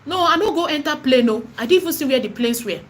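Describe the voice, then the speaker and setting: A woman's voice: high-pitched, animated, fast talker. A woman with a Nigerian accent gives an impassioned preaching monologue in her vlog. She is emphatic and repetitive and slips into Pidgin and Igbo phrases. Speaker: online seller and spiritual vlogger.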